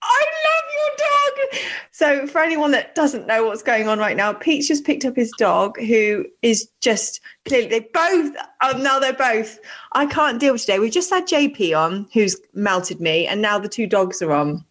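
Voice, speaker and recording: A woman's voice: a little high, expressive, normal speed, fairly bright tone. A woman co-hosting a casual podcast, giggly and gushing, swearing freely. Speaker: podcast co-host.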